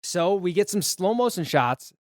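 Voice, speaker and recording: Higher-voiced man recapping a movie. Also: lively intonation, normal speed, no room sound, studio quality. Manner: rambling, retells scenes acting out character lines. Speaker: podcast co-host. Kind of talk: casual movie recap chat.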